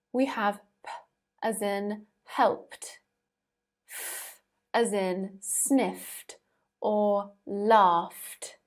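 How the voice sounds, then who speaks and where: Young woman teaching pronunciation, slow and careful, spells out each ending. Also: medium pitch. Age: young adult. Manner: slow, deliberate, carefully articulated examples. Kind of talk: recorded pronunciation lesson.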